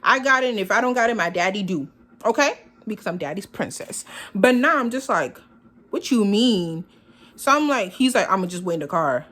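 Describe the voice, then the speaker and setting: A woman's voice: medium pitch, lively intonation, a little fast, fairly bright tone. A young woman vlogger telling a storytime in a sassy, dramatic way, acting out both sides of the conversation.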